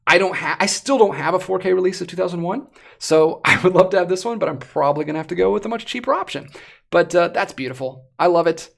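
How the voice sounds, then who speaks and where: A young adult host on a casual livestream, talking in an animated, excitable way. The voice has a gravelly rasp and is starting to wear hoarse. The pitch sits in a middle range. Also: fast talker. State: voice going hoarse. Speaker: livestream host reviewing disc collectibles.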